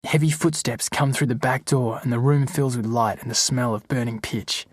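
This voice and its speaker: A man narrating an audiobook chapter in a steady, measured reading. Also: mid-range voice, no echo. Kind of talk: scripted narration.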